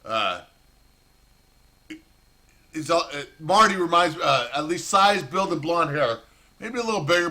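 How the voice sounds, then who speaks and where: A man's voice: a little high, bright, forceful tone. A man telling a rambling, profane prison story in a casual monologue.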